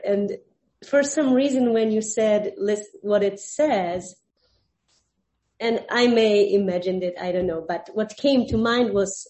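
A workshop participant sharing a personal experience with the group, hesitant and searching for words. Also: female voice, mid-range voice, slow pace, dark tone.

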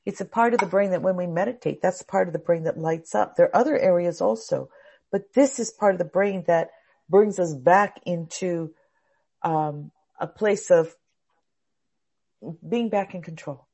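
A middle-aged woman teaching a class on calming anxiety, explaining step by step and acting out anxious thoughts. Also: on the low side, normal speed, gravelly, slightly rough.

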